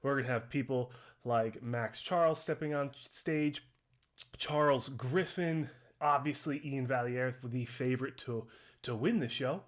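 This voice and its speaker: Young man, excited, out of breath, casual commentary, filler-heavy. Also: mid-range voice, measured pace. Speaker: bodybuilding commentator. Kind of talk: casual commentary over contest footage.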